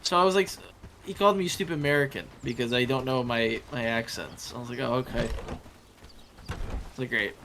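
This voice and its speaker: A man's voice: medium pitch, brisk, bright, forceful tone, slight background noise. A man chatting casually with friends while gaming, telling a rambling story with laughs and restarts. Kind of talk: casual chat while playing.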